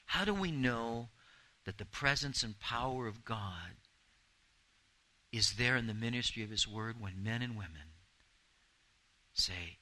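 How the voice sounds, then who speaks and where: A man's voice: medium pitch, lively intonation, unhurried, long pauses, bright, forceful tone, low-quality recording. A man in his fifties, a pastor preaching an earnest, emphatic sermon.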